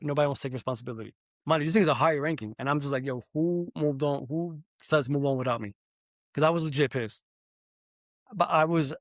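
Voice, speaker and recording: A young man hosting a podcast, telling an animated, profanity-heavy story in casual chat. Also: medium pitch, dry recording. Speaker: podcast host.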